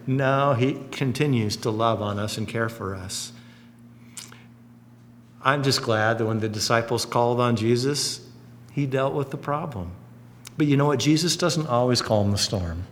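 A man's voice: moderate pace, slight background noise. A man delivers a sermon in an earnest, storytelling way, his voice rising and falling as he builds each point. His voice sits in a middle range. The sound carries a long reverb, as if filling a church hall. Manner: earnest, storytelling, lively swings in pitch and volume. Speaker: pastor.

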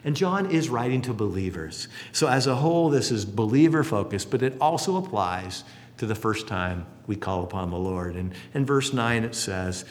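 A man's voice: fairly low pitch, normal speed. A man preaching a sermon as pastor, telling stories and acting out the voices in them. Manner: animated storytelling, acting out voices in quotes. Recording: long hall reverb.

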